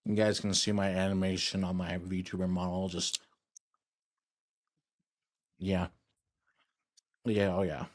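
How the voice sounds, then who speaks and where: Young male streamer, drowsy, rambling and jokey with chat; lowish voice, home streaming mic. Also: level tone, slow pace, pauses often. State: drowsy after a meal. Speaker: VTuber streamer. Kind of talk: casual live-stream chat. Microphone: streaming microphone.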